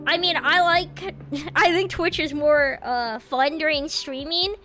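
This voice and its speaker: High, bright, giggly woman streamer. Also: slow. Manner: bubbly, giggly, meows and playful noises between greetings. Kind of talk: casual livestream chat greeting viewers.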